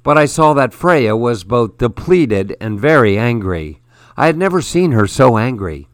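A man reads a first-person story at a slow, measured pace, earnest and even. His voice sits at an ordinary male pitch. The recording is dry and close, with no room sound. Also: no room sound. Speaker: audiobook narrator.

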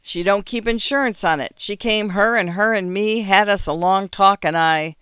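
A woman voicing a harsh, fiercely pious rural wife in a story reading, scolding and loud. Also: fairly low pitch, fairly quick, smooth, dry recording, studio quality, lightly acted. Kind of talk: dramatic reading of a short story.

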